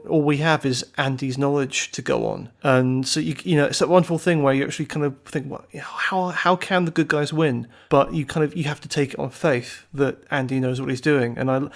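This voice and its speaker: An English man co-hosting a podcast in casual chat, talking in long rambling, emphatic runs and swearing freely. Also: medium pitch. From England. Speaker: podcast co-host.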